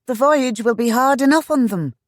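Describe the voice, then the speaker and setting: A woman voicing a haughty, sharp-tongued young heiress who gives orders without pause. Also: fairly high pitch, lively intonation, no room sound, studio quality, pitched above the performer's own voice. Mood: indignant. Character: haughty young lady estate heiress, fiery.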